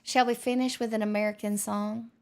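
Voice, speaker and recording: A woman's voice: a little high, level tone, fairly quick, darkish tone. A young adult woman streaming, reading chat aloud in a playful, teasing casual chat.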